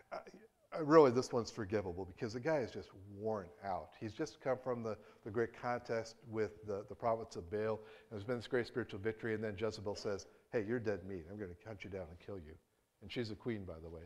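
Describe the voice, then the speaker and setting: A man preaching a sermon in a conversational way, with restarts and acted-out quotes, moving between hushed and emphatic. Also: fairly low pitch.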